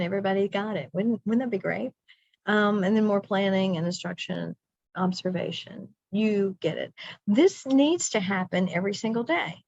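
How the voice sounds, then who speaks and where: A woman's voice: medium pitch, darkish tone, no echo. Woman, middle-aged, teacher trainer, chatty, self-interrupting, dry dull lo-fi sound. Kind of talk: recorded teacher training session.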